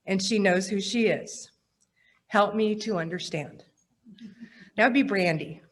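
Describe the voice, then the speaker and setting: A woman's voice: mid-range voice, fairly bright tone. A woman, the incoming president, giving a heartfelt, humbled acceptance speech and thanking her colleagues, a little choked up. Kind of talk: acceptance speech at an awards program.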